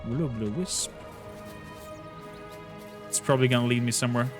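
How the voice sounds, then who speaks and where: With faint game music playing, a man streaming a game chats casually and rambles through a recap. His mid-range voice moves at a normal speed, and his chatty, casual commentary is full of fillers.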